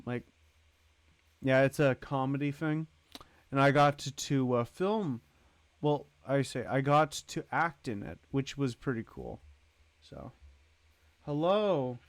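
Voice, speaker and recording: A man's voice: mid-range voice, animated, slow pace, pauses often, no room sound. A man hosting a livestream, chatting casually in a rambling way and greeting and thanking viewers in the chat. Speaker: livestream host.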